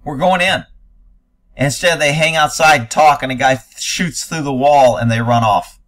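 A man's voice: mid-range voice, normal speed, a bit bright. A man giving blunt, sarcastic, profane commentary while reacting to news footage.

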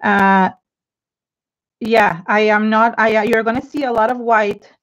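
A woman's voice: a little high, fairly even intonation, unhurried, a bit bright. Effusive woman hosting a craft live-stream. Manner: chatty and effusive, thanking viewers by name. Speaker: craft tutorial host. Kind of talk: live-stream art tutorial, chatting with viewers. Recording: slightly dull home live-stream audio.

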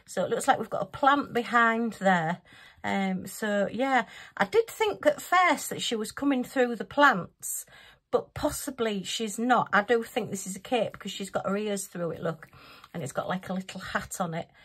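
Chatty, giggly woman with a husky voice. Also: medium pitch, animated, moderate pace, a bit bright. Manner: chatty, giggly and self-mocking. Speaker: craft channel host. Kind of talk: casual unboxing review.

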